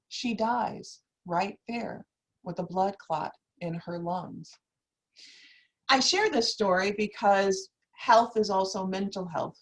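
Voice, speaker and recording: A woman law professor speaking on a panel over a video call, telling a story in an earnest, measured way with emphatic quoted exchanges. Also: medium pitch, rough recording. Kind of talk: academic panel talk.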